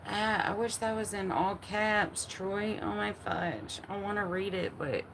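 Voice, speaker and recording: Speaking a little slowly in a mid-range voice against a noisy background, a woman in her forties hosts a casual livestream from home. She rambles while chatting with and answering her viewers, full of fillers and false starts.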